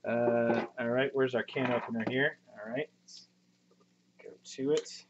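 A man of medium pitch keeps a steady tone and measured pace against a noisy background. In his thirties and streaming live from his home kitchen, he chats with viewers over muffled lo-fi audio, rambling, swearing, and joking at his own expense.

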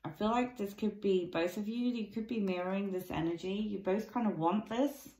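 A woman giving a casual tarot card reading, musing and thinking aloud with many pauses and ums. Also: medium pitch, warm tone, reverberant, low-quality recording. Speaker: tarot reader.

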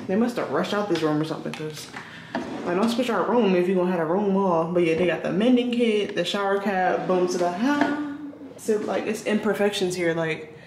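A woman's voice: on the low side, expressive, moderate pace, roomy sound, noisy background. A woman filming a casual vlog in a hotel room, rambling and chatty with lots of fillers. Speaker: vlogger.

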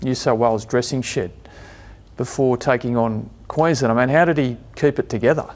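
A man hosting a TV sports panel, asking leading questions in a warm way. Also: medium pitch, fairly even intonation, normal speed. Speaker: host.

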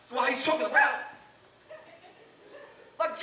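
A male stand-up comedian hosting a live club show, telling stories in an animated way. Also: very high-pitched, fast talker, long pauses. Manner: animated storytelling. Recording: echoey club, distant mic.

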